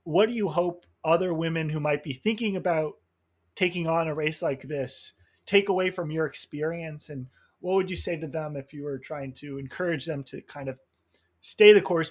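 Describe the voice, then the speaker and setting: Husky-voiced male interviewer. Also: fairly high pitch. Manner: measured, long encouraging questions. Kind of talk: interview question.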